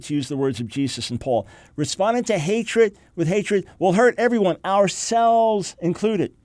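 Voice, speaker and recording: A middle-aged man hosting a talk show, reading quotes aloud and delivering a forceful list of points. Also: a little high, no room sound. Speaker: radio talk show host. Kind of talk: reading quotes and preaching on air.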